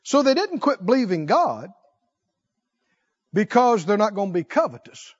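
A man preaching a sermon, emphatic, asking the congregation rhetorical questions and rising at times to a shout. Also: very animated, normal speed, husky. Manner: emphatic, swings from low intensity to shouting. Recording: dull lo-fi sound.

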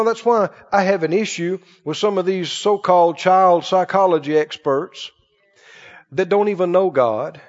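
A man preaching a sermon to a congregation, telling folksy stories and often asking them "Right?". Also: high-pitched. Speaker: pastor. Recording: dull lo-fi church recording with long reverb.

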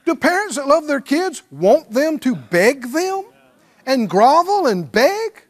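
A man's voice: very high-pitched, sing-song, slow. A male pastor preaching a sermon, drawing on the congregation and mimicking pleading prayers.

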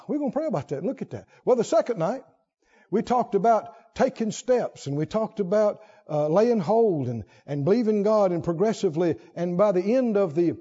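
A man preaching a sermon to his church, telling a folksy story that builds into shouted excitement. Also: high voice, dull audio. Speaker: pastor. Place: church sanctuary.

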